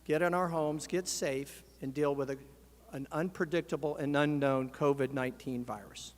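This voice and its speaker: An American man, an organization's president, gives a convention speech in a large hall and rouses the crowd to shout and chant. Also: a little high.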